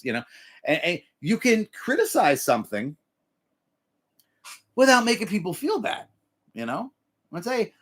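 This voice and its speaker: A middle-aged man hosting a livestream, giving profane, animated life advice and breaking into yelled impressions. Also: high-pitched, unhurried, pauses often, husky. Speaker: livestream host. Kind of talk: profane motivational rant.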